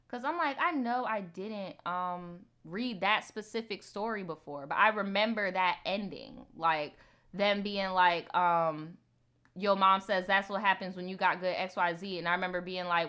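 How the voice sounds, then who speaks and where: Bright-voiced, blunt, swearing woman host. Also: mid-range voice, measured pace, clear, resonant tone. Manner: blunt and profane, chatty asides to viewers. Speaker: storytime host. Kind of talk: casual chat, reading viewer stories aloud.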